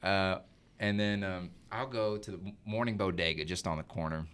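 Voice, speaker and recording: A young man, chatting as a podcast guest, relaxed and rambling. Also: deep voice, moderate pace, clean tone. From Arkansas. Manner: relaxed, rambling, laughs often. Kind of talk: casual chat.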